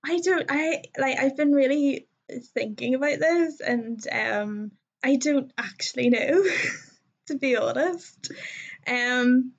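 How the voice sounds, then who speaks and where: Young woman, podcast guest, chatty with lots of ums, fairly high voice, muffled lo-fi sound. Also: slow pace, vocal fry. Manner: chatty, many ums and likes, laughs often. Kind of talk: casual conversational storytelling.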